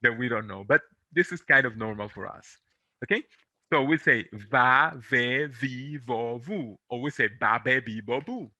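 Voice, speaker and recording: A man from America with Latin American roots and Spanish as his first language teaches pronunciation in English during an online lesson as a Spanish teacher. His voice is medium-pitched with no room sound. Slow, repeated syllable drills come with patient encouragement and gentle reassurance.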